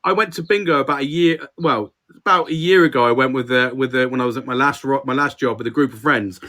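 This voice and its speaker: A man's voice: medium pitch, fast, pushed and bright. A man co-hosting a casual podcast, talking candidly and self-critically, with a lot of swearing. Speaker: podcast co-host.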